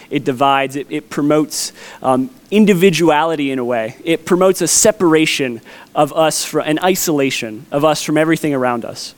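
A man in his thirties, a pastor preaching a conversational sermon with a folksy, storytelling manner. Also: on the high side. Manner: folksy, storytelling with family anecdotes.

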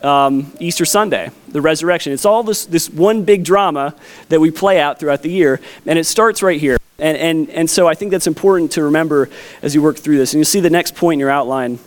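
A man's voice: a little high, brisk. A man in his thirties, a pastor preaching a conversational sermon with a folksy, storytelling manner. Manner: folksy, storytelling with family anecdotes.

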